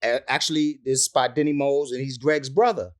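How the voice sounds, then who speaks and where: A man's voice: medium pitch, steady tone, fairly quick. A man, a rapper telling stories in an interview, profane and laughing often. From the Bronx, New York. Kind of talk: animated storytelling in an interview.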